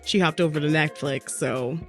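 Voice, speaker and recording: A woman's voice: sits low, normal speed, faint music behind. A woman co-hosting a podcast in sassy, playful, profane casual chat. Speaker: podcast co-host.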